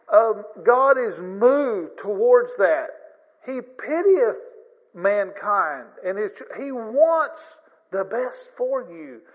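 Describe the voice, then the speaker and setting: A man preaching a sermon in an earnest, folksy way, rising in emphasis. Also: sits high. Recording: long reverb, dull lo-fi sound.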